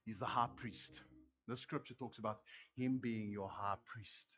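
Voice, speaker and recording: A middle-aged man with a New Zealand accent preaching a sermon, swinging between fired-up shouting and quiet tenderness. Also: on the low side, fairly even intonation, measured pace, muffled recording. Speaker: pastor.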